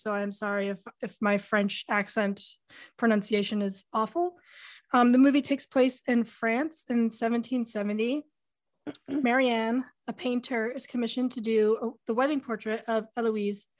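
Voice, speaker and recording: Brisk woman podcast host, dry close mic. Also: on the high side, dry recording. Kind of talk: casual chat.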